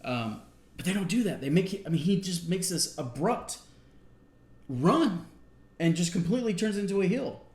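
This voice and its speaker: A man's voice: high-pitched, expressive, normal speed, a little mellow, echoey room. A man co-hosting a casual wrestling review show, recapping matches in a rambling way with lots of fillers. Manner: rambling, filler-heavy recap with acted-out quotes. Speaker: podcast co-host.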